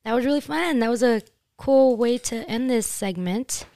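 A woman co-hosting a podcast in relaxed, casual chat. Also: on the high side, normal speed, dry recording. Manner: relaxed, says "yes" and "right?" a lot. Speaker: podcast co-host.

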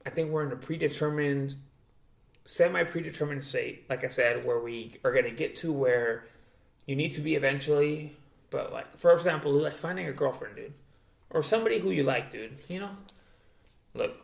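A young man with a rough, gravelly voice rambles through casual chat, dropping swear words and "dude" constantly. His voice sits a bit high, and the room around him echoes. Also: moderate pace. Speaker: guest.

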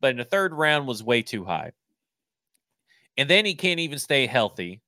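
A man's voice: mid-range voice, sing-song, moderate pace, pushed and bright, no room sound, studio quality. A man co-hosting a sports podcast, talking in a blunt, opinionated, casual way and swearing now and then. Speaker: podcast co-host.

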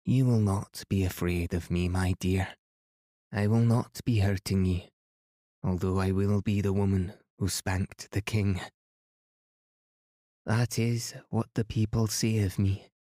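A dignified old Highland woman with a rich, powerful voice speaks firmly and regally, put on by a male reader. The voice sits low and mellow, in a dry, close sound. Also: steady tone, takes it slowly, no room sound. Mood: stately. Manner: firm, stately, regal.

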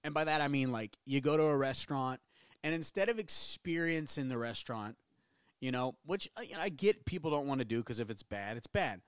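A man's voice: medium pitch, animated, a little fast, smooth, no room sound. Podcast host, thirties, male, mid-range voice, profane and rambly, self-mocking, dead-dry room. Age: 30s. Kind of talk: casual solo podcast rant. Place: small home studio.

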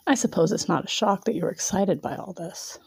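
A woman's voice: fairly low pitch, fairly quick, creaky, breathy edge, no room sound. A woman narrating a second-person erotic story in a teasing, domineering way, sometimes dropping to a whisper.

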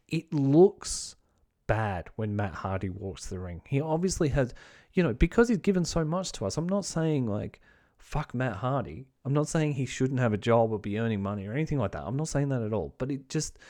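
A man talking through his weekly podcast at a middle pitch. He is blunt and rambling, swears freely, and often restarts his sentences as he vents his opinions. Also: darkish tone. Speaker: podcast host. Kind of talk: casual opinion commentary.

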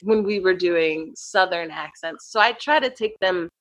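With a lowish voice and a measured pace, this middle-aged acting and accent teacher chats casually, telling stories with lots of laughter and animated quoted voices. There's no echo, but the recording quality is low.

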